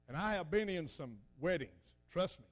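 High-voiced older preacher. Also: male voice. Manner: folksy storytelling, loud emphatic bursts. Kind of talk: sermon.

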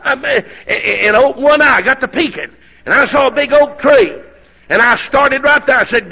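A man's voice: very high voice, moderate pace, breathy edge. A middle-aged man with a sore throat, preaching a folksy storytelling sermon that swells into hollering. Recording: dull lo-fi recording.

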